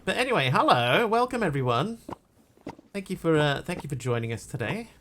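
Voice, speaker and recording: A man from New Zealand with a New Zealand accent tinged with Australian, chatting casually while he streams a game and reads chat aloud, in a halting, rambling way. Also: on the high side, big pitch swings, a bit bright, slight background noise. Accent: New Zealand, with some Australian.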